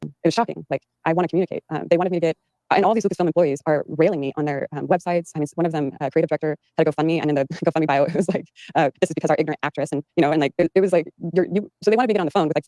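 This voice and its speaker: A woman's voice: low-pitched, racing, warm tone, no room sound, low-quality recording. A woman giving an interview, rambling with many fillers and restarts. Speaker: interview guest. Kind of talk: recounting in an interview. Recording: played from an archived interview.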